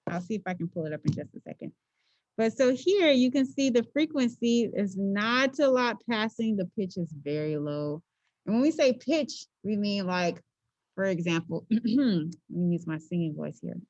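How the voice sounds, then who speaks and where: A woman physics teacher giving a relaxed classroom lecture, playful and chatty, often checking in with her students. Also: medium pitch, moderate pace, no room sound, dull audio.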